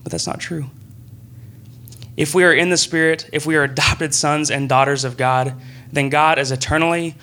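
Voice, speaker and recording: A young man preaching a sermon in a church room, earnest and conversational, breaking into excited bursts. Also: mid-range voice.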